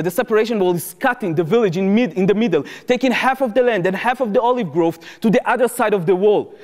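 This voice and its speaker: A young adult man from Israel with an Israeli accent, telling a personal story to an audience in an animated way, acting out what people said, in non-native English. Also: high voice. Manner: animated, acts out quoted speech, non-native phrasing. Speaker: former soldier giving testimony. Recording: reverberant hall, live talk.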